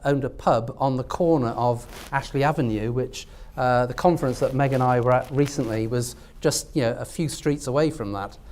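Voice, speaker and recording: A man speaks at an academic panel about poetry in a halting, thoughtful way. He fills his sentences with ums and repeated words while his voice stays at a middling pitch. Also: a little mellow, clean tone. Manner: hesitant, with many fillers and restarts. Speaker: literary scholar speaking on a panel. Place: lecture room at a university event.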